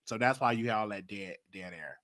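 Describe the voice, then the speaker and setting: A man's voice: fairly low pitch, a little fast, fairly bright tone. A male show host reflecting casually and rambling a little, often restarting his sentences. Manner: rambling, self-correcting, reads viewer comments aloud. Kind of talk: casual commentary on an old broadcast.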